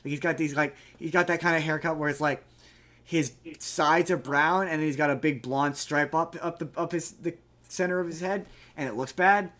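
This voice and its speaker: A man's voice: fairly high pitch, moderate pace, fairly bright tone. A man co-hosting a podcast in casual chat, giving a rambling, profane recap of a movie plot. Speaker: podcast co-host.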